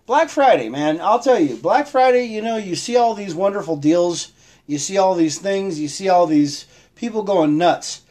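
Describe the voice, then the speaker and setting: A man with a high, darkish voice hosts a casual live stream. He rambles about holidays and shopping, greets viewers by name, and laughs often.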